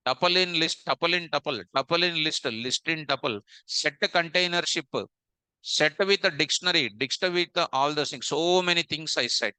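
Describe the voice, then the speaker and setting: A man's voice: a little high, moderate pace, sharp tone, clean tone, dry recording, rough recording. A man teaching programming in a live coding lecture, repeating phrases and drilling students with rhetorical questions.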